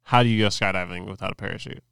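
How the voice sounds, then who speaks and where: Smooth-voiced joking young man. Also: deep voice, rapid-fire, fairly bright tone, dry recording. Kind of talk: casual chat.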